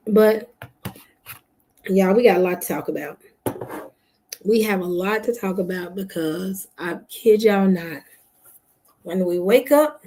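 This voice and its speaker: A woman's voice: on the low side, measured pace, long pauses, darkish tone, low-quality recording. A woman hosting a casual late-night livestream from home, tired and sleepy, chatting directly to her viewers. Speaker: channel host.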